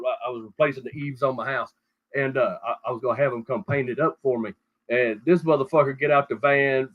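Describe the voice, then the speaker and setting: A show host with a medium-pitched voice goes on a profane, casual rant, rambling crudely and swearing heavily over call audio. The recording is muffled.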